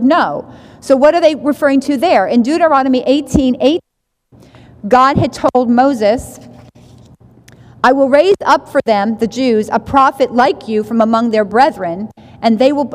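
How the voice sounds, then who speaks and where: A woman leads a Bible study, reading verses and explaining them in a loose, conversational way, often circling back and checking in with her listeners. Her voice sits a little high, and a long reverb trails after her words as if she is in a large room. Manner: conversational, restarts phrases, asks "right?". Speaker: Bible teacher.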